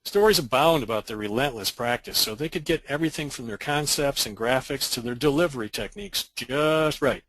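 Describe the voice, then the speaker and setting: A man co-presenting a training webinar, reading a scripted dialogue in a measured, explanatory way. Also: medium pitch, fairly bright tone, no room sound, poor audio.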